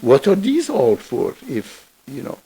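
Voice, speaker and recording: A man voicing a small male creature in a parable who argues earnestly and insistently, in a husky voice. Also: medium pitch, huge pitch swings, a little slow, mellow, exaggerated voice. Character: puzzled tiny womb-dweller, male, reasoning.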